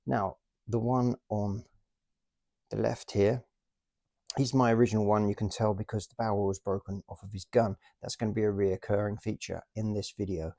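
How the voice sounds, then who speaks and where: A man's voice: lowish voice, gravelly, a little mellow, no echo, clean studio sound. A man hosting a casual show-and-tell about his toy collection, chatty and self-deprecating.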